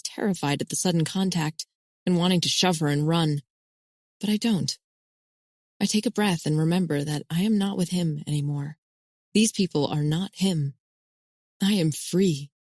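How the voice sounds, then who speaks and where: Low-voiced woman narrating an audiobook. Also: a little mellow, dry recording, studio quality. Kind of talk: first-person audiobook narration.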